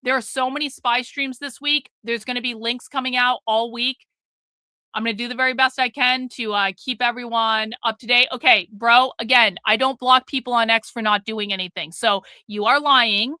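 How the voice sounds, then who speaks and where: High, bright-voiced woman streamer scolding chat. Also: dry recording. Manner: blunt, profane, scolding chat viewers. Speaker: livestream host. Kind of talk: casual livestream chat.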